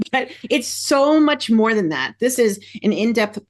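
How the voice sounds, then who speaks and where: A woman hosting a podcast interview, chatting in an excited, effusive and rambling way. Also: on the high side, takes it slowly. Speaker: podcast host. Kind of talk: casual interview chat.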